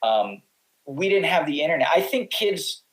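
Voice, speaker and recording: A man's voice: fairly high pitch, big pitch swings, normal speed, low-quality recording. Man rambling through stories. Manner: rambling, with restarts and acted-out quotes. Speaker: podcast guest, pro surfer. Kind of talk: casual storytelling.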